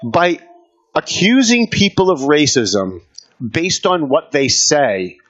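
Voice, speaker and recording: A man holds forth as a talk show host in a combative, emphatic monologue. He hammers his points home in a voice pitched a bit high. The recording sounds dull and lo-fi. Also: wildly swooping pitch, slow pace, a bit bright. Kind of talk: opinion monologue.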